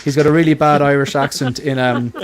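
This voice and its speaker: A man's voice: medium pitch, steady tone, a little fast, a loud crowd. A man hosting a casual panel chat, talking in a rambling, playful way and often cutting himself off. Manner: rambling, self-interrupting, playful. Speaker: panel host.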